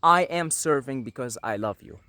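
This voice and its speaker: A man's voice: medium pitch, lively intonation, normal speed, bright, forceful tone, dry recording. A man hosting a spiritual teaching video, talking earnestly to camera and repeating points for emphasis. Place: apartment at night.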